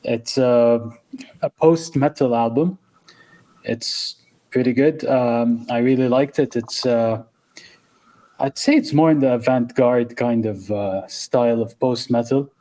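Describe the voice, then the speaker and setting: A man's voice: medium pitch, steady tone, slow pace, mellow. A man co-hosting a casual music podcast, speaking hesitantly with fillers as he describes albums. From Saudi Arabia. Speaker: podcast co-host.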